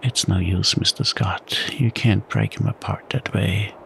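A man's voice: fairly low pitch, fairly even intonation, measured pace, creaky. A man in whispered role-play voicing a plain-spoken male dog musher with folksy speech. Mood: worried.

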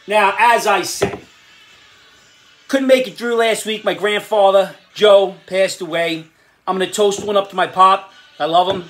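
High-voiced sarcastic man in his fifties. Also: normal speed, a bit bright, faint music behind. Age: 50s. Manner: sarcastic ranting, breaks into laughs. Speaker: host. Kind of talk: comedic rant vlog.

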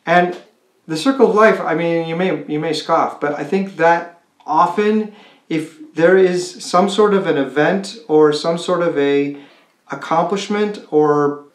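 A man's voice: a little high, unhurried. A man working as a college admissions counselor, explaining to students in a conversational way with rhetorical questions. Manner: conversational, with many restarts and rhetorical "right?". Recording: roomy echo.

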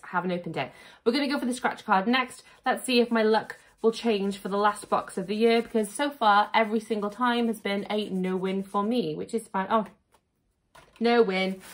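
A woman vlogger chatting casually at home while unboxing, gushing and excitable, often repeating "really, really". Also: medium pitch.

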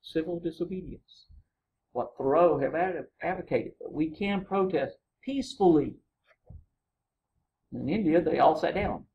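A man's voice: fairly high pitch, a little slow, vocal fry, long pauses, lo-fi sound, slight background noise. A man lecturing a college humanities class, telling stories casually and acting out quotes, with frequent "right?" to the students.

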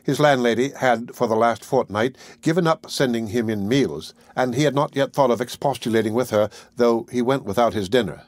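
A man reading a classic novel aloud as an audiobook narrator, in a measured, even manner. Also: mid-range voice, no room sound.

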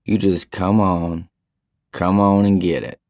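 A man voicing a cruel young male salesman who talks in a low, pleasant, coaxing voice that turns to menacing whispers. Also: little pitch movement, slow, a little mellow, dry recording, studio quality. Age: young adult.

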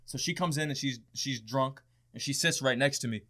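A man's voice: medium pitch, brisk, pushed and bright. A young man, a podcast guest, telling a wild story in casual, profane chat and often laughing.

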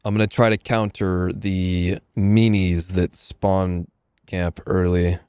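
A man's voice: low voice, little pitch movement, slow pace, darkish tone, clear, resonant tone, dry recording, studio quality. A man giving casual, joking live commentary while playing a game. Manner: joking, sarcastic, laughs often. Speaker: gaming livestreamer.

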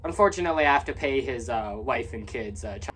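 A young performer playing a boastful, shady male oat salesman who rambles erratically and jumps to sudden shouts. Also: medium pitch, animated, quick pace, a little hiss or hum, natural voice. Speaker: salesman character. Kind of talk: comedic sketch acting.

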